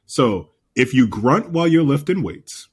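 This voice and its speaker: A man co-hosting a podcast in casual chat, an animated storyteller who repeats himself and swears freely. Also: mid-range voice, unhurried, slightly rough. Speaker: podcast co-host.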